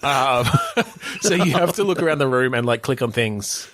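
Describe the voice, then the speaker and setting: A man's voice: medium pitch, animated, normal speed, a bit bright, a little hiss or hum. A man co-hosting a podcast in casual chat, rambling with many fillers and restarts and laughing often. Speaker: podcast co-host.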